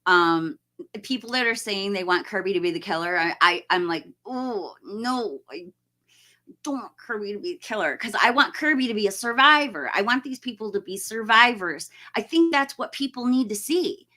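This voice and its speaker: A woman's voice: medium pitch, lively intonation, normal speed, bright, forceful tone. A woman hosting a casual live stream, chatting and greeting viewers by name, laughing often.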